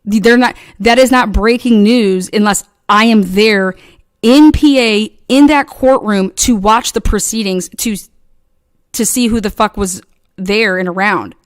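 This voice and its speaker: A woman's voice: medium pitch, a little slow, no echo. A woman hosting her own channel, delivering a heated, profane, combative rant at her critics. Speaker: channel host. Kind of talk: angry livestream rant.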